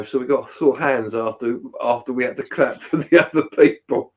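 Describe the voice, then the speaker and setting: Relaxed bloke telling a story, laughs a lot, dull call audio. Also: male voice, mid-range voice, moderate pace. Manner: laid-back storytelling, laughs along. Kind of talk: casual chat. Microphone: online call.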